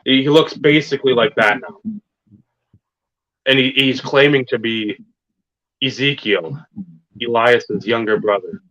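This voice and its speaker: Forceful and bright, his mid-range voice moves unhurriedly, broken by long pauses. He's a podcast co-host riffing on wrestling, cursing a lot and driving his points home emphatically. There's no echo, though the sound is dull and lo-fi.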